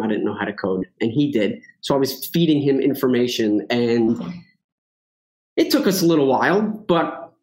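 A man's voice: medium pitch, poor audio. A man with a New York accent, a horse racing handicapper chatting as a guest in a casual podcast interview. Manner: chatty, storytelling with frequent fillers and laughs.

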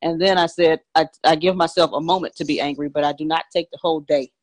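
A woman's voice: low voice, fairly even intonation, quick pace, rough recording. Earnest woman recounting a reflection. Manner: earnest, hesitant restarts. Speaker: coaching client. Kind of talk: sharing a personal story.

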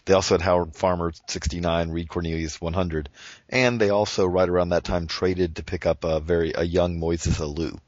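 Speaking briskly in a deep, steady voice, a show writer runs through names and rankings during casual podcast chat. The recording is dry, with dull lo-fi audio.

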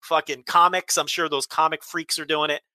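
Bright-voiced, profane ranting male podcaster. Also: on the high side, little pitch movement, normal speed, no echo. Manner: blunt, profane, exasperated ranting. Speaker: podcast host. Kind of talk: casual chat, ranting.

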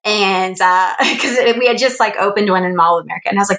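Podcast guest, woman, bright and animated, recorded in an echoey room. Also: fast. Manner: animated storyteller, acts out quotes in a high voice. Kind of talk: casual podcast chat.

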